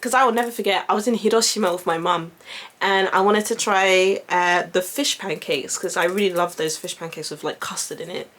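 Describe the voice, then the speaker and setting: A woman's voice: fairly low pitch, steady tone, brisk, a bit bright. A young woman whose first language is French, rambling through a casual story, swearing freely and acting out the voices of the people she quotes. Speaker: vlogger.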